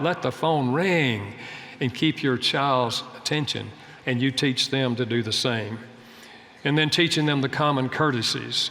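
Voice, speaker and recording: An older man speaks in an earnest, folksy sermon style, weaving in stories from his own family. His voice is bright and forceful, with pitch right in the middle for a man. The sound carries the long echo of a large hall, with a faint background hum.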